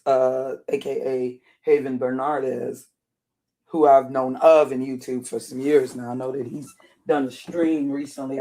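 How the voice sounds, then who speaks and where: A middle-aged woman with a deep alto voice, hoarse and worn, rambling through casual live-stream commentary and greeting viewers by name. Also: mellow. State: hoarse, voice wearing out.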